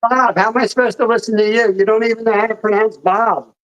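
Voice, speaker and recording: A man's voice: high-pitched, steady tone, quick pace, fairly bright tone, dull audio. A man chatting casually on a livestream, easygoing with self-mocking humor.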